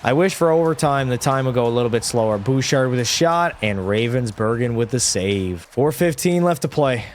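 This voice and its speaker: A man's voice: mid-range voice, moderate pace, slight background noise. Man calling hockey gameplay play-by-play. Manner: excitable play-by-play, frustrated outbursts. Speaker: gaming creator. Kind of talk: live gameplay commentary. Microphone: desk microphone.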